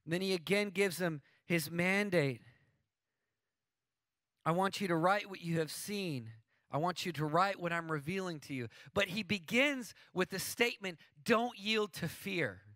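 Bright, high-voiced man preaching casually. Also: moderate pace, no room sound. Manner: casual, excitable preaching with slangy asides and many restarts. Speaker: worship leader preaching. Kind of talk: sermon. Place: church.

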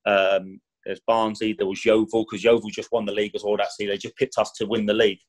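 His voice is fairly low with little pitch movement and a quick pace, captured in a rough recording. He's an ex-pro footballer on a podcast, telling career stories in a relaxed, rambling way, leaning on "do you know what I mean" and voicing quotes at a raised volume.

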